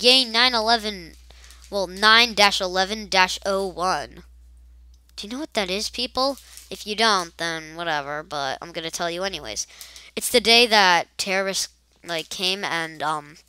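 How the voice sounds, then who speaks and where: A chatty woman rambles through a let's-play, tossing out silly asides between moves. Her voice is bright and smooth. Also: medium pitch. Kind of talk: casual gameplay commentary.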